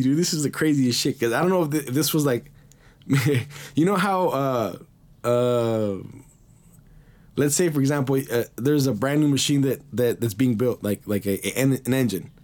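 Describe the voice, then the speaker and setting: A man's voice: medium pitch, darkish tone. A man hosting a podcast, telling a rambling, slang-heavy story full of swearing. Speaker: podcast host. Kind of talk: casual storytelling.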